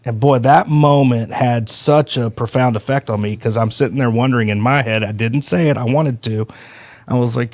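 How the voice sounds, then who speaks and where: A man hosting a podcast, telling stories in a folksy, animated way. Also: medium pitch, moderate pace. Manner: folksy, animated, acts out quoted voices. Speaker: podcast host. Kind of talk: casual storytelling chat.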